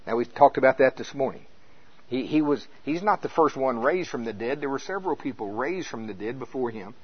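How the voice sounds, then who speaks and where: A man's voice: mid-range voice, lively intonation, a little fast, breathy edge, lo-fi sound. A man preaching a sermon, reading scripture aloud and stopping to explain it, with frequent interjections of "Hallelujah.". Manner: expository, breaks off mid-sentence to explain the verses.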